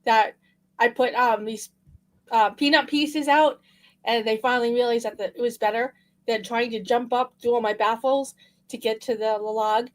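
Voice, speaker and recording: An upbeat woman with a slightly high voice, chatting on a livestream and reacting with easy enthusiasm. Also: steady tone, moderate pace. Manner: upbeat, easily impressed. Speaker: livestream co-host. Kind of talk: casual livestream chat.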